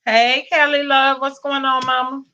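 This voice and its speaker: Southern woman streamer, high bright voice, chatty with her viewers, slow easy delivery. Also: flat delivery, dull audio. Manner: greets viewers with pet names, Southern US slang. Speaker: livestream host. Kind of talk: casual live-stream chat.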